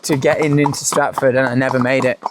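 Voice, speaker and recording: A man, a retired jockey, chatting casually while riding out, telling lively stories and acting out other people's lines. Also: mid-range voice, fast. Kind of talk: casual storytelling chat. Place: outdoors, riding out on horseback. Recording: outdoor recording with clear background noise.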